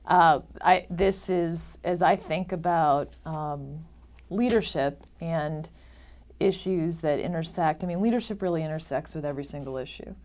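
A woman, a former senator, answering interview questions in a halting way with restarts. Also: sits low, a little mellow.

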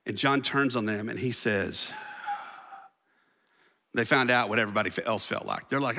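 A man's voice: medium pitch, moderate pace, creaky, long pauses, sharp tone. Guy pastor preaching, laid-back slangy storyteller, long echo of a church hall. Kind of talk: sermon.

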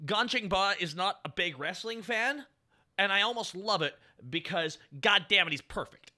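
A man rambles through a casual creator commentary and restarts his sentences often. His voice is high and very bright. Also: expressive, moderate pace.

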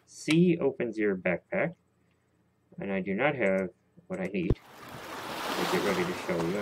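Rambling low-voiced man with loud noise behind. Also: vocal fry. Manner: rambling, jokey and self-mocking. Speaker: let's play host. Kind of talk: casual gameplay commentary.

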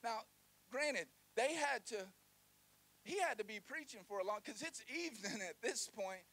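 A man preaching a lively sermon, joking and calling the congregation to repeat lines. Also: extremely high pitch, moderate pace. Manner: animated, joking, call-and-response with congregation. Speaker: pastor.

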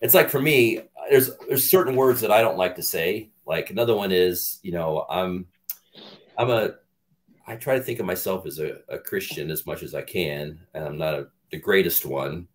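Deep-voiced middle-aged man, rambling and candid. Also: moderate pace. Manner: candid rambling storyteller, many restarts. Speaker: actor, interview guest. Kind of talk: casual interview chat.

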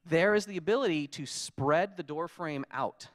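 A man giving a conference talk, telling lively stories and acting out his own frustrated quotes. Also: fairly high pitch, moderate pace. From United States. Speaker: conference speaker. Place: conference hall.

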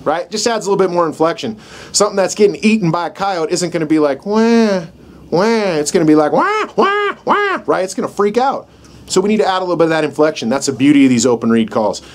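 A man's voice: a little high, fast talker, darkish tone. A middle-aged man teaching outdoors how to use a game call, in a casual, folksy way that keeps checking in with "right?". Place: outdoors in the country, dogs barking nearby. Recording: faint outdoor background noise.

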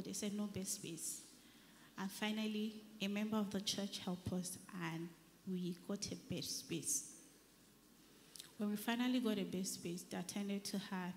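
An earnest Nigerian woman gives a church testimony, her voice sinking to near whispers and then swelling loud. Her voice carries a long reverb from the church hall around her, with faint noise underneath. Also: mid-range voice. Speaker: church member giving testimony. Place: church service.

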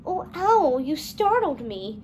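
Aurora, a kind soft-spoken princess, as a woman reads her. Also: high-pitched, measured pace, slight background noise. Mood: gentle. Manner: soft and reassuring. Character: kind brave young princess.

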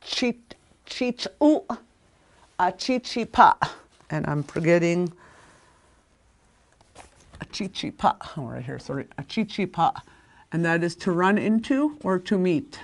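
A woman's voice: lowish voice, lively intonation, a little slow, vocal fry, pauses often. A woman teaching a language lesson, patiently sounding out words and repeating them, with small apologies for slips.

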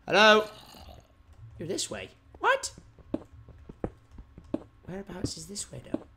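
An excitable young man gives running commentary on his gameplay, his pitch swinging up and down. His voice sits a little on the high side, and he bursts into sudden shouts. A steady noise hiss runs under the recording. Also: fast, creaky. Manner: excitable, talks to the game's creatures, sudden loud outbursts and swearing. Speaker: gaming video host.

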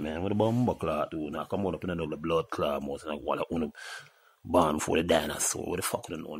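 Older jamaican guy cursing and ranting, real low gravelly voice, hopping topic to topic. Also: quick pace. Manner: swearing, animated, jumps between topics. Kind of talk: heated profane rant.

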